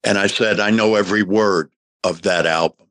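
Low-voiced older man telling a story. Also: moderate pace, no room sound. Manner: animated storyteller acting out quoted dialogue. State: emotional. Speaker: guest actor. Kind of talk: storytelling in a podcast interview.

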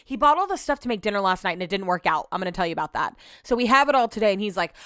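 A woman's voice: medium pitch, expressive, fast, a bit bright, smooth, dry recording, studio quality. A young adult woman hosting her own podcast from home, ranting candidly and swearing often. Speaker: podcast host. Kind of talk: solo podcast chat.

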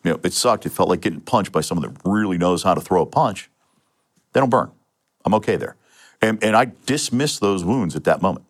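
His voice sits low, animated and quick. A middle-aged retired police sergeant from Pennsylvania, he appears as an interview guest, recounting his own story matter-of-factly with frequent restarts and fillers.

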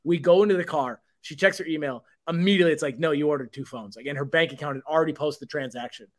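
A man's voice: on the high side, very fast. Profane ranting male podcast host. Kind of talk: casual chat.

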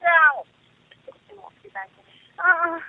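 A woman's voice: very high-pitched, steady tone, drawn-out words, dry recording. A woman calling 911 after a car crash, in pain and shaken, answering in short apologetic bursts. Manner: distressed, apologetic, short replies. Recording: tinny phone call with noise.

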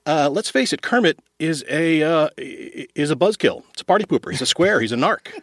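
A man's voice: a little high, expressive, brisk, a bit bright, no room sound. A man co-hosting a podcast, joking in a wry, comic way. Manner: wry, comic delivery with sudden jumps. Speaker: podcast co-host. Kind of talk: casual chat.

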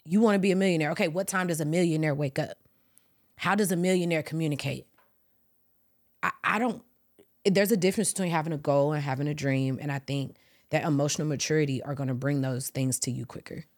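A woman's voice: sits low, fast, darkish tone. A woman hosting a podcast, chatting casually and expressively, swearing now and then. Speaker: podcast host. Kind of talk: casual chat.

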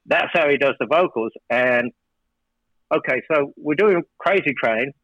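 Unhurried and animated, a man with a mid-range voice recounts studio stories from his work as a record producer. His interview talk is casual and rambling, with frequent sentence restarts. There's no echo, and the high frequencies are cut off.

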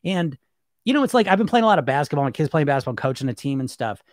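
Animated man coaching in a dry, close sound. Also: on the high side, racing, dry recording. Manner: animated, conversational, acts out inner voices. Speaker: weight-loss coach. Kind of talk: casual coaching talk.

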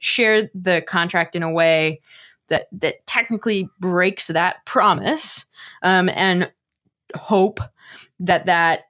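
A woman co-hosting a podcast, explaining contracts in a measured, blunt way. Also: lowish voice, fairly bright tone. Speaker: co-host, contract writer. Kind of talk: casual podcast chat.

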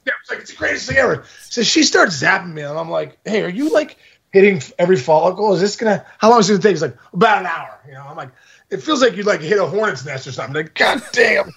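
Excitable gravelly man telling a story. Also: high voice, fast, a crowd in the background. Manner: excitable, exaggerating, laughs at his own story. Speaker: podcast host. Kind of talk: casual storytelling chat.

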